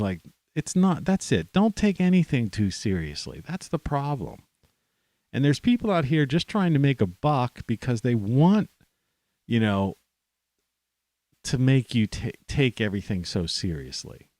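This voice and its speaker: A man's voice: mid-range voice, very animated, a little slow, darkish tone, no echo. A middle-aged American man hosting a live stream, talking in a rambling, casual monologue full of "you know" and restarts. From United States. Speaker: livestream host.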